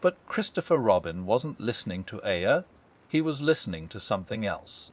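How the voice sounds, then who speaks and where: A man reading a classic children's storybook aloud in a calm, unhurried bedtime style, barely changing his voice for the characters. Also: lowish voice. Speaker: audiobook narrator. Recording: dull lo-fi sound.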